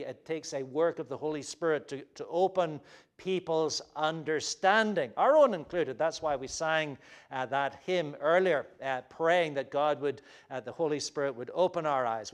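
A man's voice: on the high side, moderate pace. A man giving a conversational sermon as pastor, with frequent fillers and restarts and emphatic quotes of scripture. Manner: emphatic when quoting scripture.

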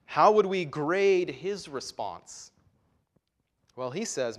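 A man's voice: on the high side, lively intonation, slow pace, pauses often. A man preaching a sermon in an earnest, emphatic way, his voice rising and dropping to stress key points.

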